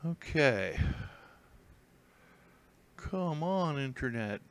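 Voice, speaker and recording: A man's voice: on the high side, lively intonation, very slow, a bit bright, slight background noise, rough recording. A man hosting a casual live stream, rambling and thinking aloud with many fillers and restarts while he browses listings. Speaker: YouTube host.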